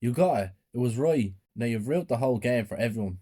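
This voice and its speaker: A man's voice: mid-range voice, animated, fairly quick, mellow, slightly rough. A man voicing a mean, bullying brother who taunts and threatens. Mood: taunting.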